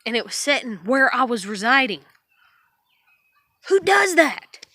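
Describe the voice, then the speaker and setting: A woman's voice: high voice, big pitch swings, a little slow, bright, forceful tone, breathy edge. A woman in her thirties venting to her viewers in a frustrated, stressed vlog, swearing often and sighing wearily. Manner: swearing, exasperated, trailing off into weary sighs. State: upset and stressed. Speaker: vlogger. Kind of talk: frustrated personal vent to camera.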